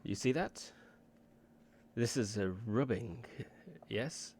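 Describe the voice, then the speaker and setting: A man voicing a peering middle-aged woman scholar who muses slowly and hums as she ponders. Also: mid-range voice, animated, a little mellow, a little hiss or hum. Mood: musing. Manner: slow, musing, ponders aloud with hums.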